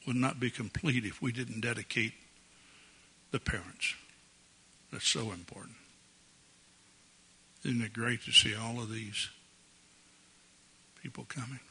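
A man's voice: mid-range voice, creaky, bright, forceful tone, slightly rough. An older man preaching a sermon as pastor in a church, folksy and jovial, chuckling often. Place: church sanctuary.

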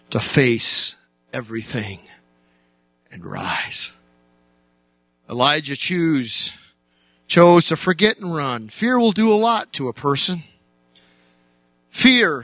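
A man with a medium-pitched voice preaches as a pastor, recorded dry. He tells the story dramatically, alternating between slow, quiet passages and loud, shouted outbursts.

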